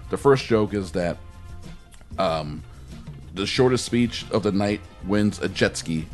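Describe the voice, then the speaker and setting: A man's voice: on the low side, slow pace, soft background music. A man hosting a show, telling stories in casual chat with a wry, rambling manner and plenty of fillers. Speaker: podcast host.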